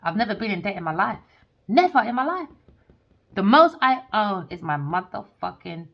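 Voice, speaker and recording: A woman, a tarot reader ranting heatedly and swearing in a monologue. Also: mid-range voice. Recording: dull lo-fi recording.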